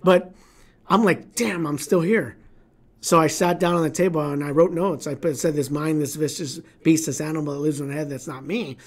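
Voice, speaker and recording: A middle-aged man on a casual livestream, his voice sitting a bit high for a man. He talks bluntly and swears easily, acting out the voices in his head as he tells a story. Then he turns to plain business advice for his viewers. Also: steady tone, fairly quick. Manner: blunt, profane, storytelling with acted inner dialogue.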